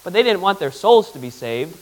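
A man, a pastor, giving an interactive Bible teaching in a conversational way, asking the congregation questions and reading Scripture aloud slowly. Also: high voice, very animated, low-quality recording.

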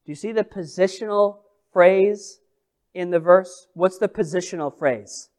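A man's voice: sits high, a little slow, a little mellow. A man preaching a sermon as pastor, emphatic, with repeated phrases and rhetorical questions.

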